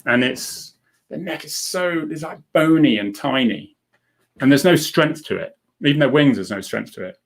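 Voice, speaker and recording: Chatty English ex-police sergeant, rambling. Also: male voice, on the high side, lively intonation, moderate pace, gravelly. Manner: rambling, chatty, many fillers and restarts. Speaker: podcast host, former police sergeant. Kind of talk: casual live-stream chat answering viewer questions.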